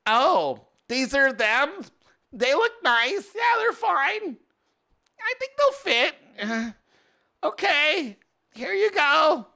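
A man doing a mocking falsetto impression of a meek, defensive wife. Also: very animated, slow pace, gravelly, sharp tone, full character voice. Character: meek, defensive wife, high-voiced woman.

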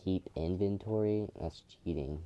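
A man's voice: low voice, unhurried, dark tone, highs cut off. A man co-hosting a podcast, chatting casually in a dry, teasing way. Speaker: podcast co-host. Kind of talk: casual chat.

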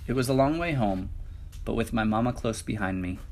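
A man's voice: fairly low pitch, normal speed, pauses often, a little hiss or hum. Man reading picture books aloud. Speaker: storybook reader.

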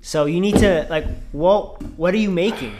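A man in casual chat who talks in a relaxed, halting way with many fillers. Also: high-pitched, background noise.

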